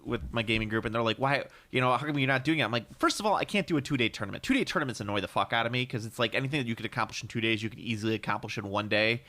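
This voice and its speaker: A man's voice: on the low side, expressive, very fast, few pauses, bright, forceful tone. A man co-hosting a tabletop gaming podcast, cursing freely and ranting in a crude, joking manner. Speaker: podcast co-host. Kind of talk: casual chat. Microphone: studio microphone.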